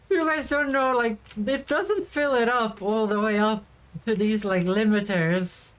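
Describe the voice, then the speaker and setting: A woman's voice: on the high side, expressive, moderate pace. A woman streamer chatting casually while she plays a farming game, rambling and now and then bursting out in frustration. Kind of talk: casual livestream chat while gaming.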